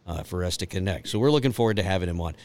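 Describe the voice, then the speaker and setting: A lower-voiced male host who talks in an animated, up-and-down way. He jokes and teases his co-hosts in easy chat. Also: racing, dry recording, studio quality. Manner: jokey, teasing. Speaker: show host. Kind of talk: casual chat.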